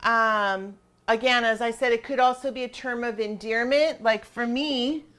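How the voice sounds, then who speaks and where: A woman's voice: on the high side, measured pace, fairly bright tone. A middle-aged woman teaching a Spanish grammar lesson over a shared screen, patiently checking in with her students as she explains. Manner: patient, checks in with "all right?" and "okay?".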